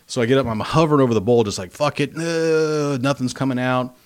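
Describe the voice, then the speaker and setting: A man hosting a livestream from home, telling a rambling story with animated, acted-out quotes in casual chat. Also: mid-range voice, rapid-fire. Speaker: livestream host. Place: home, spare bathroom.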